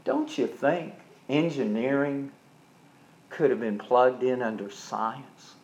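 A male pastor preaches a sermon, telling stories dramatically and swinging between loud and hushed delivery. His medium-pitched voice is animated but slow, on a dull lo-fi recording.

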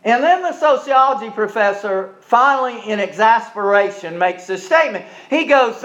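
A male pastor preaching a sermon, telling stories dramatically and swinging between loud and hushed delivery. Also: extremely high pitch, animated, normal speed, few pauses. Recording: dull lo-fi recording.

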